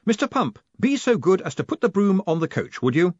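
A cheeky young con man with a raised, lively voice, as a male narrator puts him on, breezy and full of confidence. The voice is husky, and the audiobook recording is dry and a bit dull. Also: sits high, a little fast, no room sound, pitched above the performer's own voice. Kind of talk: audiobook character reading.

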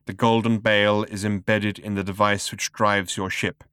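A man voicing an ancient male robot with a cultured rasp, speaking slowly and flatly. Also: lowish voice, no echo, studio quality, lightly acted. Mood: cold. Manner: slow, flat, patient.

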